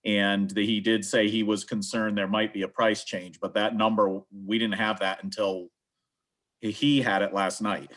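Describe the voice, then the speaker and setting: A man chairing a town finance board, calmly explaining how an item got onto the agenda. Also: fairly low pitch, normal speed. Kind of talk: public meeting discussion.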